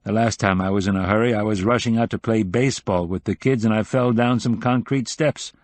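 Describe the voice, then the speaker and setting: A man's voice: lowish voice, fairly quick, dry recording, natural voice. A man voicing a wry, rambling middle-aged journalist in an audiobook.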